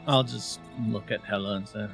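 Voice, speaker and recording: A man's voice: lowish voice, steady tone, moderate pace, vocal fry, over music. A man playing a tabletop game, stating his actions plainly and directly. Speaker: player. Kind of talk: casual game talk.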